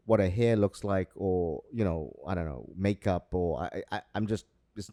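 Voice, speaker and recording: Man, podcast co-host, casual rambling chat, warm mellow tone, dry close sound. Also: deep voice, no room sound. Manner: rambling, halting storyteller.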